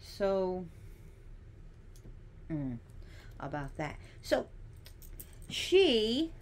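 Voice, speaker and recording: A woman's voice: mid-range voice, sing-song, extremely slow. A woman giving a casual teaching monologue, chatty and digressive, with sassy asides.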